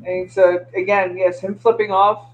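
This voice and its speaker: A man giving his opinion in a casual sports chat, in a measured way. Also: high voice, flat delivery, a little hiss or hum. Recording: dull lo-fi mic.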